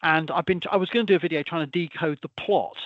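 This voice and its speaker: A British man talking over a video call, chatting loosely and stumbling through restarts with little chuckles. His voice sits a touch high, and the sound is muffled and completely dry. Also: fast, dry recording. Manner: rambling, stammering restarts, chuckling asides. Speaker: host. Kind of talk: casual conversation.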